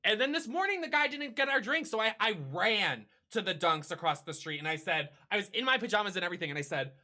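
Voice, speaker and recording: A man hosting a casual chat with his partner, talking in an animated, profane, ranting way. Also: sits high, fast, few pauses. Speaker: streamer host.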